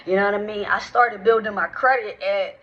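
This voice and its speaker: A woman's voice: medium pitch, steady tone, brisk. A woman in her thirties, a credit management business owner, giving a casual motivational talk with direct, slangy, emphatic speech that repeats points for emphasis. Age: 30s. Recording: slightly dull sound with faint noise.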